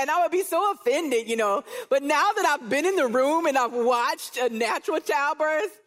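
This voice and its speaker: A woman grandmother giving a sermon to a live church audience. Her voice sits a little high, and she brings her stories alive by acting out what family members said. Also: a little fast, few pauses. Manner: warm storytelling, animated quoting of others. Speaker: guest speaker, church care director.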